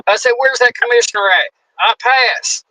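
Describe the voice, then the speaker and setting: A man in his forties, a guest wrestler, telling a story in a casual, animated way, acting out the quotes and swearing freely. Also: extremely high pitch, normal speed, dry recording, low-quality recording. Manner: animated, acts out quotes in shifting voices.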